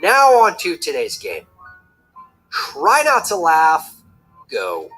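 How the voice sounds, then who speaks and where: A man hosts a reaction video and keeps cracking jokes. His voice is bright and fairly high, and his pitch swings widely as he talks. Soft music plays behind him. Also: slow pace, poor audio. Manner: joking, animated asides. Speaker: host.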